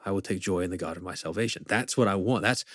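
A low-pitched man talks in an earnest, reflective way, like a professor in conversation. His scripture quotes come slowly. The recording is dry and close. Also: fairly bright tone, dry recording. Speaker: professor, podcast guest. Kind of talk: conversational interview talk.

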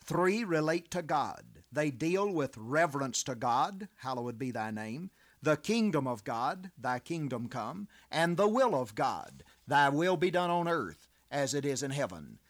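A man delivering a scripted devotional sermon, measured and deliberate, teaching with rhetorical questions. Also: a little high, big pitch swings. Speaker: preacher.

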